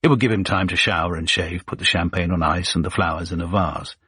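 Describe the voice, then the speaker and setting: A man narrating a suspense thriller audiobook with measured, suspenseful pacing. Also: sits low, steady tone, fairly bright tone, husky, no room sound, studio quality.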